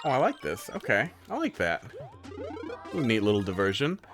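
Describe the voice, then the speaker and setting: A man's voice: lowish voice, huge pitch swings, normal speed, over music. A man streaming live, playing viewer-made game levels and giving rambling, candid critique in a casual way.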